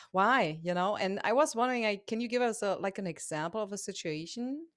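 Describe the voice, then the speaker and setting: A woman hosting a podcast interview, talking softly and hesitantly. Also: medium pitch, animated, brisk, dry recording, clean studio sound. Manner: soft-spoken, hesitant, many fillers and restarts. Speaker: podcast host. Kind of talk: casual interview.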